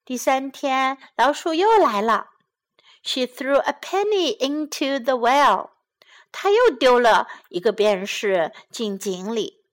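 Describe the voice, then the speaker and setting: Woman storyteller, children's storybook reading, high-ish voice, lively melodic delivery, slow and gentle. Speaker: storyteller and children's English teacher.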